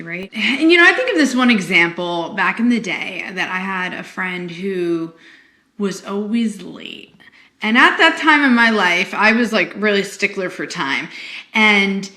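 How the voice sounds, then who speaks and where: A woman from Long Island co-hosts a psychologist's podcast in relaxed conversation. Her voice is bright and forward. She slips into lively little impressions of the people she talks about. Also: mid-range voice, moderate pace. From Long Island, New York. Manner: animated storytelling, acts out quoted voices. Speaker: podcast co-host, clinical psychologist. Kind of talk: casual conversational chat.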